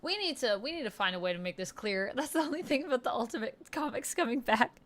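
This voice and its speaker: A woman's voice: on the high side, animated, quick pace, fairly bright tone. A woman hosting a casual livestream, chatting enthusiastically about comics and reading out viewer comments as she answers them. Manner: enthusiastic comic-book fan talk. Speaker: livestream host. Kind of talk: casual chat.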